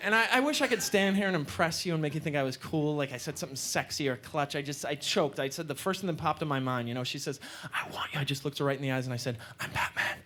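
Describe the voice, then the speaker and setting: A male stand-up comedian performing a live set, telling stories with an animated delivery and deadpan asides, on a club stage with a handheld mic. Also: a little high, quick pace, hardly any pauses. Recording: live club with audience laughter and room noise.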